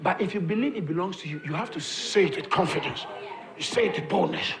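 A man preaching a sermon, repeating his lines emphatically, building to shouts, and calling on the congregation to answer. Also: high voice, expressive, fast talker. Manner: calls on the congregation to respond. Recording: echoey room with crowd audible. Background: congregation responding.

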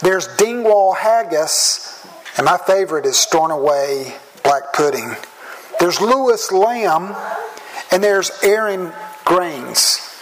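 A man with a Southern American accent, a pastor preaching a sermon in a measured, earnest way. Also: high-pitched, animated, a little hiss or hum, poor audio. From southern United States. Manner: measured, slow and earnest, with drawn-out words. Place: church.

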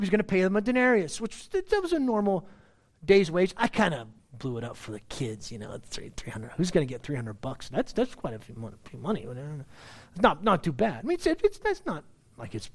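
Man preaching in a conversational tone. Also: a little high. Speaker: pastor. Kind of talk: sermon.

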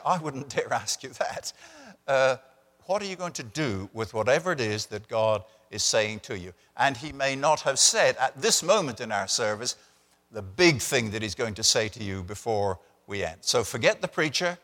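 An older man preaches from the pulpit in a mid-pitched voice, talking to the congregation conversationally and with dry humor. His words ring out through a church with a long, lingering reverb. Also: animated, moderate pace, fairly bright tone. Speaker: visiting preacher. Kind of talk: sermon. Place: church sanctuary.

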